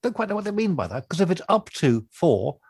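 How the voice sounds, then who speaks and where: A man's voice: high voice, very animated, fairly quick, a little mellow, husky, no echo. A man bringing news items to a radio show, chatting casually in a wry, quibbling way in a studio.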